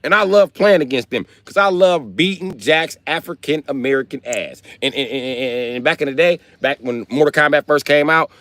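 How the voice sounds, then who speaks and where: Animated, profane male streamer. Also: fairly high pitch, no echo, studio quality. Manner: profane, animated, slangy storytelling. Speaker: live streamer. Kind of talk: comedic casual rant.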